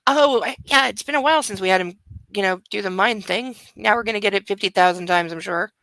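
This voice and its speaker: A woman reads a romance novel aloud and mocks it with sarcastic, deadpan asides. Her voice is bright and crisp. The sound is close and dry, with no room around it. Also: mid-range voice, fast, dry recording, low-quality recording. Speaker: host of a comic book-reading show. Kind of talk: mocking commentary on a book.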